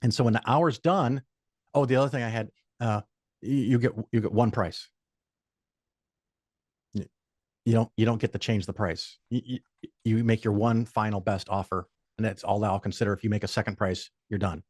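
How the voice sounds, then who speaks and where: A man's voice: on the low side, steady tone, normal speed, pauses often, darkish tone, no room sound, clean studio sound. An older man, a podcast guest, telling stories in a casual, blunt and profane way and laying out firm rules. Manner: opinionated, lays out firm rules. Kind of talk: casual storytelling in conversation.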